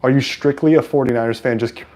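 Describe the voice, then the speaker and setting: Mellow-voiced man chatting through a football game. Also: mid-range voice, fast. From San Francisco. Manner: chatty and excitable, with frequent fillers. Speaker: livestream host. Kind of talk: casual live sports commentary.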